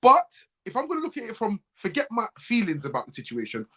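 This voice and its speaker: A man rants about football in a quick, heated back-and-forth, now and then mimicking other fans. His voice sits high, and his pitch leaps and swoops as he gets worked up. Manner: animated and ranting, mimics other fans' voices. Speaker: co-host. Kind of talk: heated casual football chat.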